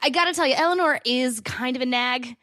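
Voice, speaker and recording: Animated high-voiced woman podcaster. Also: brisk, dry recording, studio quality. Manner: animated, sarcastic, exasperated rants. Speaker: podcast co-host. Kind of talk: casual movie review chat.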